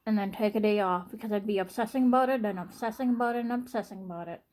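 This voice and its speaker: A young adult woman talking to camera in a personal vlog, halting and repetitive, with frequent sighs and restarts. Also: mid-range voice, a little mellow. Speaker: vlogger.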